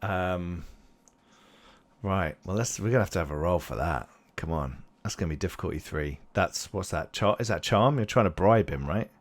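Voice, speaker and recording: A man's voice: low-pitched, moderate pace. A man narrating as game master in a tabletop game, casual and full of fillers. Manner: casual, with frequent fillers and laughs.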